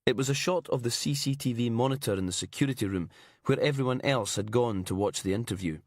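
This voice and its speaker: A man narrating a crime thriller audiobook in a measured, grim storytelling manner. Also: mid-range voice, no echo, studio quality. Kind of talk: scripted narration.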